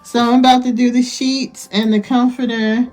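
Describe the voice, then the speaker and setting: A woman's voice: on the high side, little pitch movement, moderate pace, darkish tone, soft background music. A young woman chats through a home vlog. She keeps it loose and friendly, laughs easily, and talks straight to the people watching. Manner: chatty, laughs often, talks to viewers as y'all. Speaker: family vlogger. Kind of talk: casual home vlog narration.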